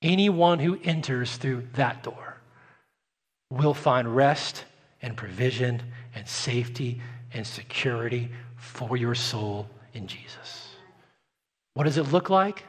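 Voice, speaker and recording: A man preaching a sermon as pastor, earnest, often slowing and softening his voice for emphasis. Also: medium pitch, lively intonation, breathy edge. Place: church sanctuary. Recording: long hall reverb.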